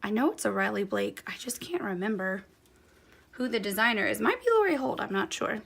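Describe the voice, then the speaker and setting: Gravelly-voiced woman teaching quilting. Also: medium pitch, very animated, brisk, a bit bright. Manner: chatty and encouraging, talking while working with her hands. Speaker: quilting instructor. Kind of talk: hands-on sewing tutorial.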